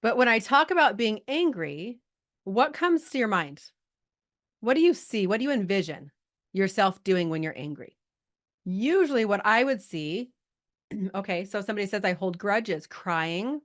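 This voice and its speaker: A middle-aged woman coaching a group over a video call, chatty and lively, holding back tears at times. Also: mid-range voice, moderate pace. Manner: chatty, lively, talks to the chat audience. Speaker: life coach hosting a live group call. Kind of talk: casual coaching talk.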